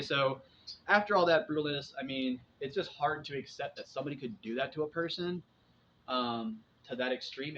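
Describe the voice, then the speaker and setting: A vlogger in his forties rambles casually to viewers about his own experience, restarting sentences and filling gaps with fillers. His voice is medium-pitched and fairly bright, and the lo-fi recording sounds dull with faint background noise.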